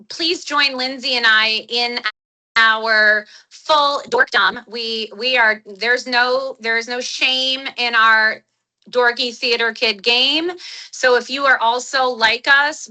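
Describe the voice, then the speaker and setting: A woman with a sharp, very bright voice sitting a touch high hosts an online call. She is chatty and eager, restarting her sentences as she goes, and talks into a phone. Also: low-quality recording. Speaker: webinar host. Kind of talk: casual online community call.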